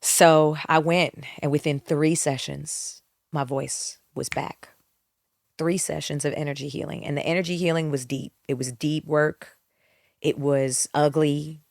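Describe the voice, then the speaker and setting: A woman's voice: deep voice, steady tone, measured pace, creaky, a little mellow, no echo, studio quality. A middle-aged woman, a singer, candidly telling her story in a podcast interview, reflective and full of restarts. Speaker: guest singer.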